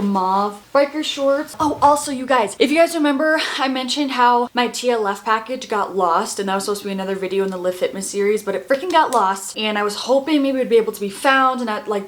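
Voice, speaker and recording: A woman's voice: a little high, slight background noise. A woman fitness vlogger chatting casually to camera, encouraging and peppered with "like", filmed on a handheld camera. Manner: chatty, heavy use of "like", encouraging. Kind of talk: casual vlog chat.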